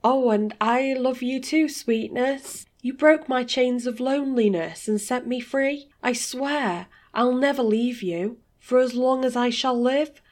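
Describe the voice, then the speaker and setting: A devoted lonely man speaks tenderly to his beloved in a spoken story, in a slightly raised, gentle voice, as a woman narrator puts him on. Slow and earnest. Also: high-pitched, pitched above the performer's own voice.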